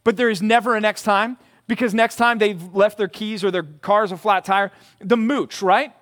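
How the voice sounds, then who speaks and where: A man's voice: sits high, steady tone, normal speed, a bit bright. A male pastor giving a conversational sermon to a college group in a church room, emphatic and repeating key words.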